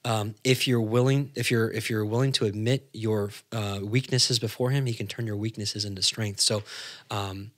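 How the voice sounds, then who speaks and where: A man talking earnestly about his faith, often halting and restarting his sentences. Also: lowish voice, fairly even intonation, a bit bright. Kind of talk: casual conversational testimony.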